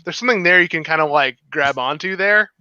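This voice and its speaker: Fast, bright-voiced young man. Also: a little high, smooth, no echo. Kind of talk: casual chat. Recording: dull lo-fi dry mic.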